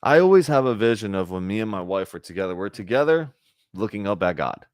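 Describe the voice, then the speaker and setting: A man's voice: on the low side, very animated, fast talker, smooth, no echo. Man giving a casual spiritual talk, dry sound. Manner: conversational, asks "right?" often, acts out quoted dialogue. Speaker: spiritual teacher.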